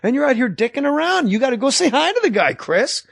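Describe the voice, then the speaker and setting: A man's voice: very high-pitched, big pitch swings, quick pace, vocal fry, breathy edge, no echo, clean studio sound, pitched above the performer's own voice, heavily acted. A man impersonating an exasperated male head writer who scolds a cast member. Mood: mock annoyed. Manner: exasperated, scolding, rising to a shout.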